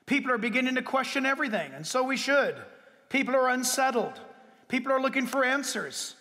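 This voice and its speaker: A man delivers a sermon from the pulpit, his voice sitting very high. He preaches emphatically, jumping in pitch and stretching out words for weight. The sound carries a long reverb from the church hall. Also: animated, a little fast, bright, forceful tone. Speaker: pastor. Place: church sanctuary.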